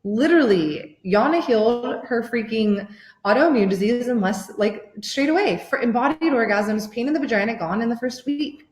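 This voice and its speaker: A life coach in her thirties talks up a motivational workshop with giddy enthusiasm and no shortage of swear words. She speaks at an ordinary pace, and the recording is reverberant.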